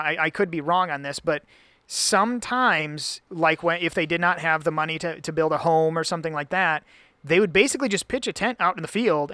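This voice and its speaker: A man's voice: a little high, bright, forceful tone, clean tone, no room sound. A man in casual Bible study talk, rambling and correcting himself with many fillers.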